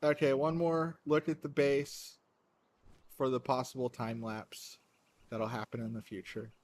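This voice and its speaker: A man's voice: medium pitch, little pitch movement, unhurried. A man chatting casually while streaming a game at home, rambling with lots of fillers and frequent laughs. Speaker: livestreamer playing a game.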